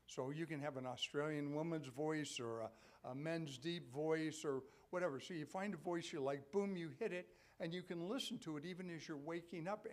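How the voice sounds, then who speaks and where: Conversational older male pastor preaching. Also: fairly high pitch. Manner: conversational preaching, frequent "okay?" check-ins, rising to loud emphatic peaks. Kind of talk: sermon. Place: church sanctuary.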